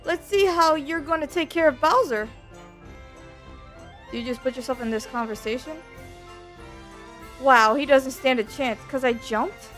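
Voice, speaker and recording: A woman's voice: sits high, measured pace, pauses often, fairly bright tone. A young woman streaming a game, joking and teasing the characters in casual commentary. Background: game music.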